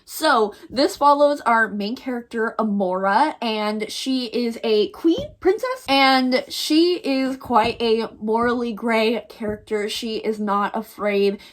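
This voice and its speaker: A woman's voice: a little high, expressive, slow pace, hardly any pauses. A woman book vlogger talking casually to camera at home, gushing with enthusiasm. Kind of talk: casual vlog talk to camera.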